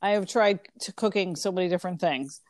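A woman with a lowish, darkish voice co-hosts a podcast, talking fairly quickly in casual chat. She's rambling, chatty and filler-heavy, and the sound is dry, clean studio quality.

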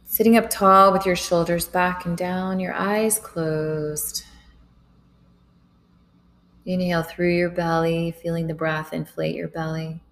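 Yoga instructor, woman, low flat delivery, calm soft cueing of breaths. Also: slow, slight background noise, poor audio.

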